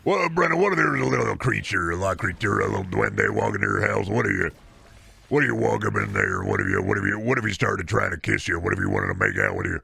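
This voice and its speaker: A man's voice: sits low, very animated, fast, creaky, bright, forceful tone, breathy edge, exaggerated voice. A man voicing a rambling, rowdy country-boy chatter who drawls out strange pushy questions. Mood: goofy.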